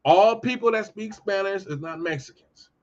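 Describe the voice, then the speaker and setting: High-voiced man ranting, lo-fi audio. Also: normal speed. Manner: heated, ranting, swings from loud outbursts to low muttering. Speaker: commentary host. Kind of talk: casual commentary monologue. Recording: dull lo-fi audio.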